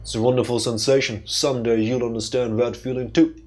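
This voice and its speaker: A man voicing a vengeful male hybrid villain in a put-on Southern American drawl, slow, grim and menacing. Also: mid-range voice, steady tone, darkish tone, close to an everyday voice.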